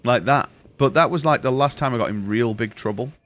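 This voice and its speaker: A man's voice: medium pitch, a little fast, fairly bright tone. Young male streamer, casual and sweary, rambling storyteller. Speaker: gaming streamer. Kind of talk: casual chat while streaming.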